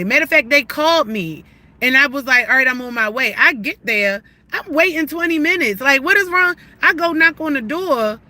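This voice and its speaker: A woman's voice: sits high, sharp tone. Agitated woman. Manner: agitated, profane, rambling with restarts. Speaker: livestreamer. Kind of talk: heated live-stream rant.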